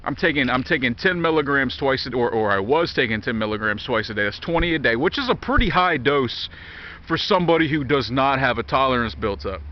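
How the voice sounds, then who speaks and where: A man's voice: medium pitch, animated, fairly quick. A man in his thirties gives a candid vlog monologue. He talks bluntly and swears constantly, circling back and restarting his sentences. The recording sounds muffled and lo-fi. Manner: blunt, heavily profane, rambling with restarts. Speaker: vlogger. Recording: dull lo-fi recording.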